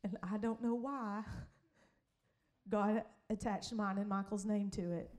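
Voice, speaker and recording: A woman pastor tells a story from the pulpit. She is lively and quick to laugh, and her voice stays at a middle pitch. She slips into other people's voices as she goes. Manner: animated, laughing, acts out voices in stories. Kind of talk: sermon storytelling.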